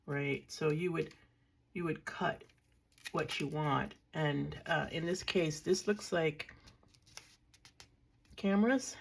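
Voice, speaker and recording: Her voice sits low and gravelly, and this older woman takes it slowly, pausing often, with a little hiss or hum in the audio. A craft vlogger, she chats through her washi tape collection in a casual show-and-tell, musing aloud with dry self-mockery.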